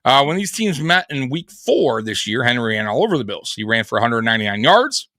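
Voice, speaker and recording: A man's voice: medium pitch, sing-song, a little fast, pushed and bright, no room sound, studio quality. A man co-hosting a live sports show, talking casually, profane and rambling.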